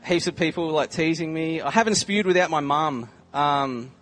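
A man's voice: on the high side, normal speed, fairly bright tone, faint music behind. A young man in his twenties with an Australian accent, telling a humorous story in a casual sermon and filling his sentences with "like" and "um". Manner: chatty, humorous storytelling with many "like" and "um" fillers. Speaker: visiting preacher.

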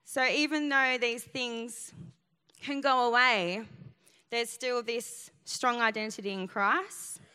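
Woman pastor, sermon, fairly high pitch, emphatic storytelling, long church-hall reverb. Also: steady tone, slow pace, bright, forceful tone, clear, resonant tone.

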